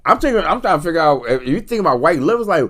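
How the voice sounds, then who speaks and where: A man in his forties hosting a talk radio show, telling rambling, animated stories and laughing often. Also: on the high side, very fast. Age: 40s. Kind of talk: casual talk radio chat.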